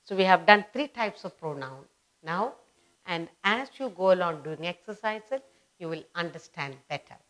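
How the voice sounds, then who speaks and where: A woman with an Indian English accent teaching English grammar, repeating example phrases slowly for stress. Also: lowish voice, expressive, a bit bright. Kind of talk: classroom grammar lesson.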